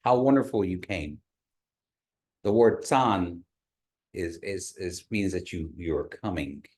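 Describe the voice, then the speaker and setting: Patient low-voiced man teaching a class. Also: darkish tone. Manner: patient, encouraging, slows down to model tones. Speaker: language teacher.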